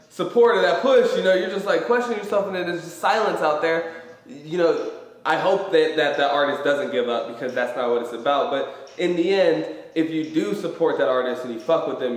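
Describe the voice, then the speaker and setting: A young man hosting a motivational live stream, talking in an emphatic, rambling way and swearing freely. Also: fairly high pitch. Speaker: host. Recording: very echoey hall.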